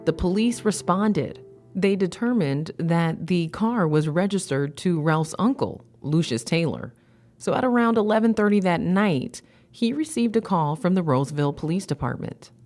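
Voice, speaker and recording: A woman hosting and narrating a documentary series in a measured, matter-of-fact way. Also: on the low side, expressive, a little mellow, faint music behind. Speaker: host and narrator.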